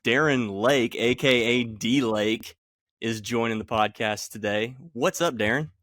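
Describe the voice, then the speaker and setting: A man co-hosting a podcast and introducing the guest in relaxed, easygoing casual chat. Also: mid-range voice, unhurried, dry recording, studio quality. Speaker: podcast co-host.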